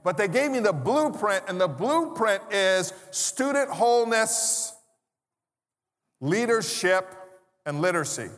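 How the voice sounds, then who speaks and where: High-voiced pastor preaching in a reverberant church. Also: male voice, sing-song, unhurried, fairly bright tone. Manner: conversational preaching with humorous asides and rhetorical questions. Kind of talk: sermon. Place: church sanctuary. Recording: long reverb of a large church hall.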